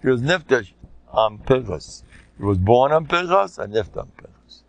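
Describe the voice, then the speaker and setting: An older man with an American Orthodox Jewish English accent, a rabbi telling stories in an informal Torah class and bursting into loud shouted quotes. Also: mid-range voice, big pitch swings, moderate pace, creaky. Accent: American Orthodox Jewish English with Yiddish words. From United States.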